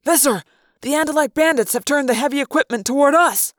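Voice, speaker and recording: A woman's voice: fairly high pitch, expressive, normal speed, no echo, clean studio sound, close to an everyday voice. A woman voicing a frightened male alien soldier who stammers and hurries to obey, read in a fan audiobook. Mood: nervous. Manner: nervous, stammering, eager to obey.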